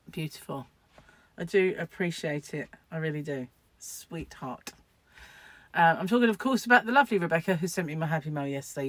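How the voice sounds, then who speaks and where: A woman's voice: lowish voice, dry recording. Chatty woman vlogging at home. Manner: chatty, rambling, laughs often at her own asides. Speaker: crochet vlogger. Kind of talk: casual chat to camera.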